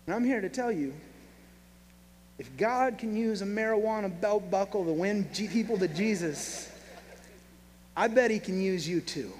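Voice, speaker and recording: Pastor guy telling a story in his sermon, fairly high voice, echoey church hall w faint hum. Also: normal speed, pauses often. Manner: animated storyteller, acts out quoted voices.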